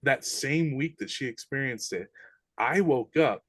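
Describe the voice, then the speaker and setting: Animated man telling eerie stories. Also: medium pitch, measured pace, breathy edge, dry recording. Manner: animated, breathless retelling of eerie events, casual slang. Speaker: podcast guest. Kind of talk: casual storytelling.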